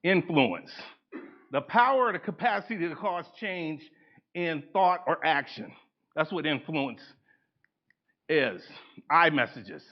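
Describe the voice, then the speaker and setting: Guy running a workshop, voice jumps all over, kinda high, dull lo-fi sound. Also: slow pace. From United States. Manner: animated, acts out quoted people, laughs often. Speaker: workshop presenter. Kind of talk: live seminar lecture. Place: conference room with a live audience. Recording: dull lo-fi event recording.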